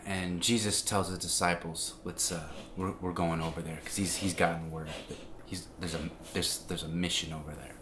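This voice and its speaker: A man giving an informal, conversational sermon, full of restarts and fillers, growing animated as he tells the story. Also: sits low, moderate pace, few pauses, a little hiss or hum. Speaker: preacher.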